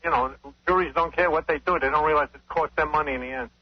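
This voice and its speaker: A man in his eighties calling in by phone, rambling and halting. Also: a little high, breathy edge, dry recording, muffled recording. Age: 80s. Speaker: caller. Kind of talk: phone call.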